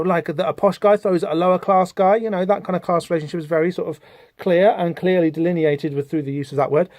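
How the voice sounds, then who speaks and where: A man hosts a comic book discussion podcast, his voice a little high for a man. He talks in a thoughtful, rambling way with plenty of fillers. The sound is close and dry. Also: darkish tone, dry recording. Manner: thoughtful, digressive, many fillers. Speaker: podcast host.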